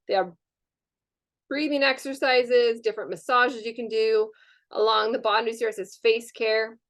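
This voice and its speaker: A woman presenting a live online wellness workshop over a video call, chatty and upbeat with frequent fillers. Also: on the high side.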